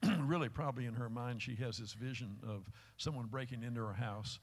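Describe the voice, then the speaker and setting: A man in a middle pitch chimes in briefly from the side of the class. His remarks are short and teasing, with a light, easy delivery. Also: fairly quick.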